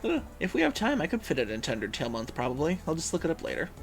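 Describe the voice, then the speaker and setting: A man hosts a livestream in loose, casual chat. His voice moves all over the place in pitch as he reads out viewers' messages, humming and pausing to think. Soft music plays underneath. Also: huge pitch swings, creaky. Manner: musing, reads chat aloud, frequent hums and fillers. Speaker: livestream host.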